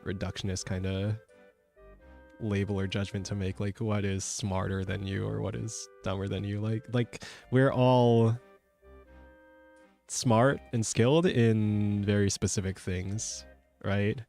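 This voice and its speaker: A man streaming as a VTuber, chatting casually while he codes, joking at his own expense and sometimes breaking into high squeaky yelps. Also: steady tone, a little slow, vocal fry, darkish tone, faint music behind. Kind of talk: casual chat while coding.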